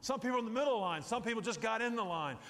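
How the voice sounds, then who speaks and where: A middle-aged man delivers a sermon in a fairly high voice. He rambles, breaks into jokey asides and acts out little quotes. A long hall reverb trails his words. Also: lively intonation, very fast, fairly bright tone. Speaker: pastor.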